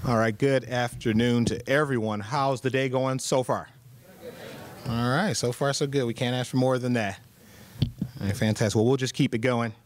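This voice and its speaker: A government official giving a formal award speech, upbeat, reading prepared remarks with small asides. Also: male voice, medium pitch, steady tone, normal speed. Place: conference hall.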